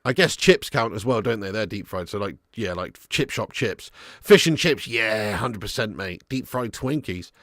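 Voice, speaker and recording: A man hosts a live football watch-along, chatting, reading chat aloud and laughing often with viewers despite sounding a bit snotty and ill. His voice is on the low side and expressive, at a moderate pace with hardly any pauses. The tone is a bit bright, in echo-free, studio-quality sound.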